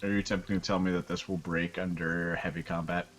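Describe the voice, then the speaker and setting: A man's voice: low voice, little pitch movement, fast talker, fairly bright tone. A man playing a tabletop game, talking in a dry, matter-of-fact way. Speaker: player. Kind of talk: tabletop role-play. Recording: dull, muffled mic.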